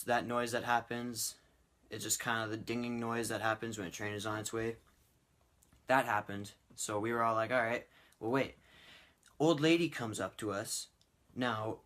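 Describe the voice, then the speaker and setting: Teen dude rambling thru a storytime vlog, lots of likes, animated, mid pitched voice. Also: male voice. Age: teens. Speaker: vlogger.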